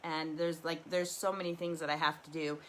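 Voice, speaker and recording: A woman's voice: sits low, level tone, fairly quick, a bit bright, a little hiss or hum, rough recording. A middle-aged woman talking candidly and rambling from her living room as host of a live stream. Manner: rambling, candid, lots of restarts. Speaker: livestream host. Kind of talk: casual personal talk.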